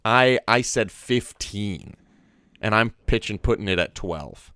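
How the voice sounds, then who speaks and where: A man's voice: fairly low pitch, lively intonation, slow, sharp tone, dry recording, clean studio sound. A young man co-hosting a movie podcast, chatting casually and rambling with lots of filler words. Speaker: podcast co-host. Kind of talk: casual chat.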